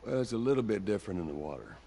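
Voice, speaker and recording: An actor playing a gruff, weary middle-aged survivor in a video game who talks in a dry, terse way. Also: male voice, lowish voice, big pitch swings, racing, mellow, a little hiss or hum.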